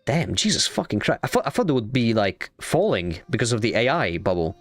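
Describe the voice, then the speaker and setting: A young adult man streaming a game, chatting casually in a rambling, excitable way and swearing freely. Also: medium pitch, brisk, no room sound, faint music behind. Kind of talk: casual gaming stream chat.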